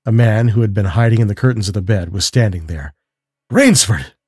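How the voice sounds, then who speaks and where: A man narrating a mystery story in a calm, measured way. His voice is lowish and husky, and it comes across dry and close to the mic. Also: dry recording. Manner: measured, steady reading. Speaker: narrator and host of a story show.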